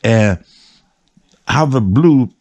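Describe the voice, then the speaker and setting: A man's voice: mid-range voice, expressive, slow pace, darkish tone, dry recording. A man hosts his show, telling a story in a loose, profane, slang-heavy way. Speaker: host. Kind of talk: storytelling monologue.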